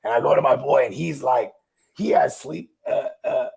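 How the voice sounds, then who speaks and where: A man's voice: mid-range voice, normal speed, vocal fry, darkish tone, breathy edge. A young man casually telling a long, rambling story, swearing and laughing along the way. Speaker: podcast host.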